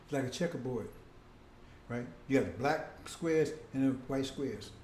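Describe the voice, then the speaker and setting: A man's voice: medium pitch, a little slow, a little mellow, a little hiss or hum. A man preacher giving a rambling sermon who keeps asking his listeners "see?" and "right?" and calls them brothers and sisters. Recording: roomy echo.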